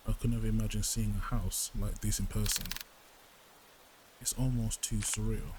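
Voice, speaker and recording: A man's voice: fairly low pitch, level tone, normal speed, heavy background noise, close to an everyday voice. A man reading the lines of a shaken young male detective who insists he is fine. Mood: tense.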